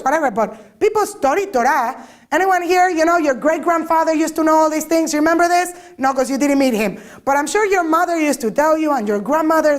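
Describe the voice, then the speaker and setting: A woman giving an informal talk to a group, lively and always asking her listeners questions. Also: high-pitched. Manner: lively, asks the audience many questions. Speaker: lecturer.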